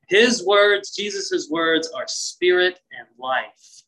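A man's voice: sits high, animated, takes it slowly, bright, forceful tone, low-quality recording. A man preaching a sermon, reading scripture and acting out its voices with conversational asides. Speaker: pastor.

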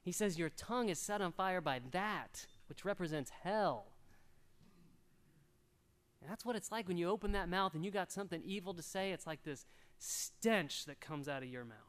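High-voiced man preaching a sermon. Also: normal speed, clean tone. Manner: animated storytelling, acts out voices. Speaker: pastor.

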